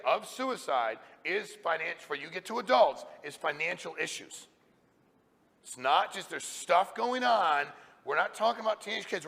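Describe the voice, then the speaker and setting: A middle-aged man, a company president, giving a blunt, forceful motivational talk to a live audience. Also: high voice, creaky. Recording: reverberant hall sound.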